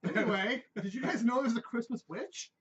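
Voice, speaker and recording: A man's voice: very high-pitched, brisk. A man hosting a podcast in casual chat, joking, swearing, and drifting off topic. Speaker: podcast host. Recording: dull lo-fi podcast audio.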